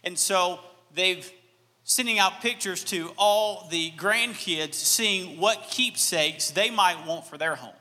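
A man's voice: high voice, takes it slowly, pushed and bright, in a large hall. A man from Alabama with a light Southern accent, preaching a sermon with folksy, self-deprecating storytelling. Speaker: pastor.

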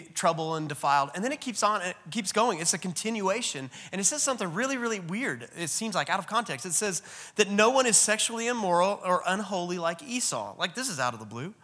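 Male pastor, slightly high and bright tone, casual preaching style, long hall reverb. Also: big pitch swings, fast talker. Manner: casual, joking with the congregation. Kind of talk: sermon.

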